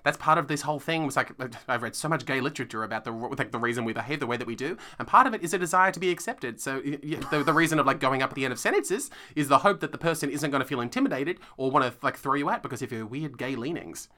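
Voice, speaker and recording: A man with an Australian accent co-hosting a casual theatre podcast, talking in a lively, rising and falling way and laughing often. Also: medium pitch, quick pace, hardly any pauses. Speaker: podcast co-host. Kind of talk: casual chat.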